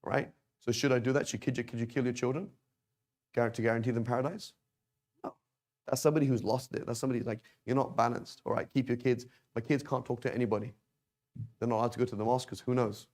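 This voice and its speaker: A man's voice: medium pitch, steady tone, fast, a little mellow. A man teaching an informal Arabic class, talking conversationally and tossing rhetorical questions at his students.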